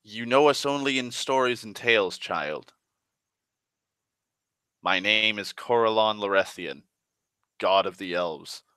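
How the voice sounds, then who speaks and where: A man voicing a calm, fatherly male elf god who speaks in a quiet, measured, patient way while retelling a tabletop game. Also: on the low side, clear, resonant tone, no room sound. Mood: solemn.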